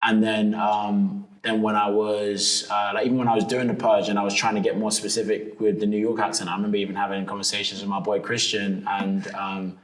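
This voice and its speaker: A young man from London, with a London accent, chats casually as an interview guest in a lowish voice, speaking briskly with few pauses. He's relaxed, using lots of fillers and restarts, and the recording has an echoey room sound.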